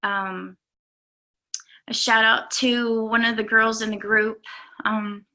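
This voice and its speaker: A young woman coach speaks to her students in a slow, unhurried way, often pausing on fillers. Her voice is bright and carries a gravelly fry. She sounds earnest and sincere. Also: fairly high pitch, little pitch movement. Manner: halting, many fillers, earnest and emotional. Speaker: golf coach. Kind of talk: speech to students.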